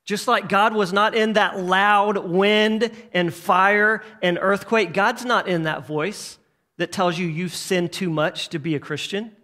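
A man preaching a sermon, swinging from emphatic questions to hushed near-whispers. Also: sits high, fairly even intonation, slow pace. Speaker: pastor.

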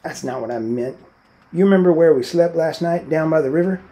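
A man reading aloud, voicing a worried, protective ranch hand who gives quick, urgent warnings. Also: on the high side, warm tone, voice pushed up, lightly acted.

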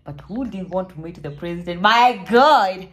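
A woman's voice: lowish voice, animated, normal speed. Young Kenyan woman, travel vlogger, playful and theatrical storyteller. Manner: playful, joking, dramatic retelling. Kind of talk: animated storytelling to camera.

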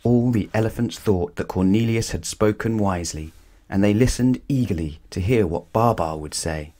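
In a gentle, unhurried way, a man with a slightly low voice reads a children's bedtime story aloud. His delivery stays calm and measured.

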